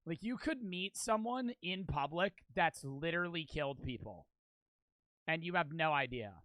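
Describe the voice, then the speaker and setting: A man hosting a reaction video, talking in a rambling, excitable way and often laughing. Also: on the high side, moderate pace, no echo. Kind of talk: casual reaction commentary.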